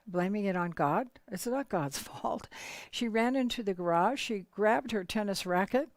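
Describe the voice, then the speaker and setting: A woman's voice: medium pitch, no room sound. A woman leading a workshop, earnestly telling a story to teach a lesson. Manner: earnest, animated retelling.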